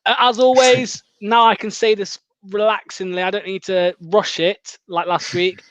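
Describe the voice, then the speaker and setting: A man's voice: high-pitched, little pitch movement, normal speed, a bit bright, slight background noise. A young man hosting a fan show over a video call, chatty and jokey with lots of fillers. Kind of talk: casual chat. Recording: dull, dry video-call audio.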